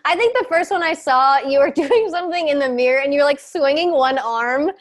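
A woman's voice: sits high, a little fast. Giggly, bubbly young woman podcast host. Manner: giggly, animated storytelling. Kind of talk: casual podcast chat.

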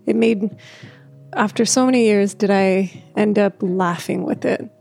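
Woman, warm mellow voice, stutters, reflective personal talk, soft music behind. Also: mid-range voice, fairly even intonation, unhurried, gravelly. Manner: stutters, with repeated words and restarts; laughs often, speaks in a gentle, reflective way. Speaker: speaker sharing a personal story.

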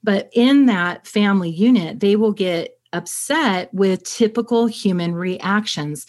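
A woman therapist explaining ideas in conversation, steady and clear, acting out quick examples. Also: medium pitch.

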